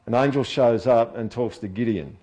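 Expressive male preacher. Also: mid-range voice, normal speed, poor audio. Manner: expressive, swings from hushed to loud and emphatic; asks listeners tag questions. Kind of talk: sermon.

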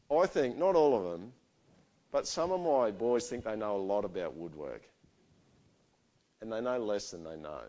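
Middle-aged male preacher, slightly low voice, conversational and animated storytelling. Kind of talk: sermon with personal stories.

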